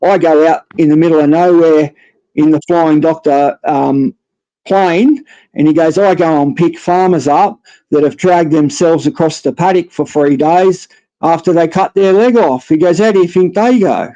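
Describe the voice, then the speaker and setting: A man's voice: fairly high pitch, steady tone, mellow, no room sound, muffled recording. A man with an Australian accent telling his story casually, swearing often and stumbling over restarts. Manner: profane, halting with many restarts.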